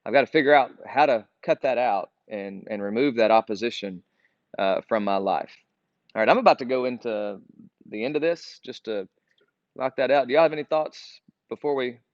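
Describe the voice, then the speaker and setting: A man's voice: medium pitch, moderate pace, no echo. A man leading a casual group Bible study, talking earnestly and reading scripture aloud. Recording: dull, dry lo-fi recording.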